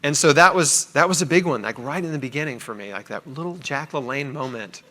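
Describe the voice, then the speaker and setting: Man, middle-aged, personal storyteller, animated, acts out quotes, tense bright voice. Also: a little high, a little fast. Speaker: cancer survivor sharing his story.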